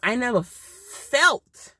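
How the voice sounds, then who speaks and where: A woman's voice: a little high, very animated, very slow, pushed and bright, no echo. A mother telling a personal story in an emotional, heartfelt way, repeating herself for emphasis. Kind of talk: casual storytime.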